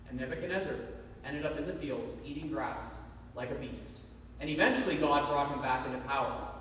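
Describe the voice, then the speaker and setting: A man's voice: on the high side, a little hiss or hum. A man preaching a sermon, earnest and emphatic, repeating his main point. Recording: echoey hall from far off.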